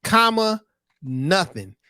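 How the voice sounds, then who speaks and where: Man, casual podcast chat, easygoing, laughs a lot, slightly high, dry sound. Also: sing-song, sharp tone, clear, resonant tone, dry recording. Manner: laid-back, laughs often, quick reactions. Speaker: podcast co-host.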